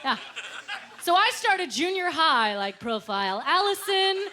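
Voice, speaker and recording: A woman doing a stand-up comedy set, animated and laughing through her punchlines as she acts out quoted voices, recorded live on a club stage with a handheld mic. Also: very high-pitched, unhurried. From Canada. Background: audience laughter and room noise.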